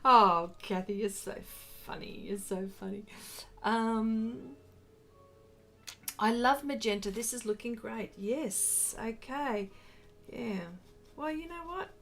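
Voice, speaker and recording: A woman's voice: fairly high pitch, slow, gravelly, fairly bright tone. A middle-aged woman, hosting a casual art livestream, effusively reading out viewer comments while she paints. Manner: gushing, effusive, reads viewer comments aloud.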